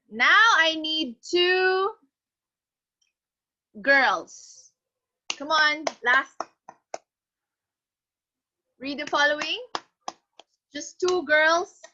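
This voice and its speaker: A high-voiced woman teacher runs an online class at an unhurried pace. Her bright tone urges students to join in, through muffled, lo-fi call audio. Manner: encouraging, animated, coaxing students. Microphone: video call.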